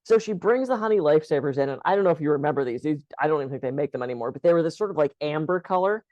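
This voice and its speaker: A woman co-hosting a podcast, telling stories in a lively way and acting out the quoted lines. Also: sits low, very fast, dry recording, dull audio. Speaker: podcast co-host. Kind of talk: casual podcast conversation.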